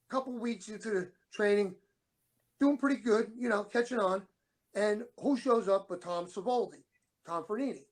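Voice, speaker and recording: A middle-aged man with a high, gravelly voice, telling long rambling stories in a casual way. He acts out the other people's lines as he goes. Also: darkish tone. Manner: rambling anecdotes, acts out quoted dialogue. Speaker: show co-host, former wrestler. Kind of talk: casual storytelling.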